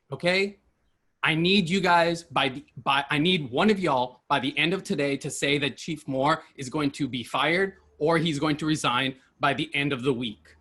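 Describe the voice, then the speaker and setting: Angry caller, male, bright forceful voice, confrontational and swearing. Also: on the high side. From Los Angeles. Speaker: public commenter. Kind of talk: angry public comment.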